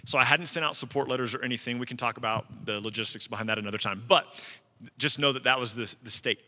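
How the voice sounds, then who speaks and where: A man's voice: mid-range voice, fast talker, sharp tone, in a large hall. A man preaching a sermon as a pastor, telling a personal story in a conversational way with asides to the congregation. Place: church sanctuary.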